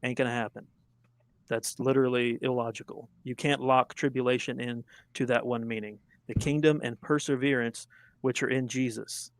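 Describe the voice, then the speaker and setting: An earnest man argues a point of theology with emphasis and conviction. His voice sits at an ordinary middle pitch. The sound is dry and close, with little room around it. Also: fairly even intonation, normal speed, dry recording. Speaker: debater. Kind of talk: theological debate.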